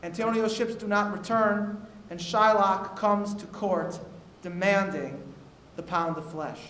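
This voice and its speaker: Male moderator, higher voice, reading prepared notes with "uh" fillers; roomy hall sound. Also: unhurried, a bit bright. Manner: reads quotes aloud with frequent "uh" fillers. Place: university auditorium. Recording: echoey hall with faint noise.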